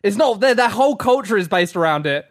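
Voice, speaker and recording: A man's voice: sits high, lively intonation, quick pace, dry recording. A young adult man in a casual podcast chat, provocative and contrarian, swearing freely.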